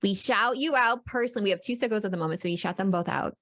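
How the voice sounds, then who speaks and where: A woman co-hosting a live stream, addressing her chat in an animated way and repeating words as she builds up. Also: mid-range voice, racing. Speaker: podcast co-host.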